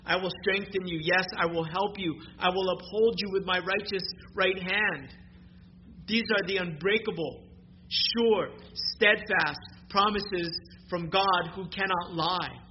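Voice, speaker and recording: Man, pastor, emphatic sermon, fairly high voice, dull muffled audio. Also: fairly even intonation, measured pace. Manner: emphatic preaching, rising in intensity on key phrases. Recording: muffled recording with clear background noise.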